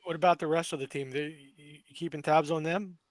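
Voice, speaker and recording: A man from the US East Coast playing a tabletop game, speaking in a brisk, businesslike way. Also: a little high, steady tone, dry recording. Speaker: player. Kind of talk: casual tabletop play.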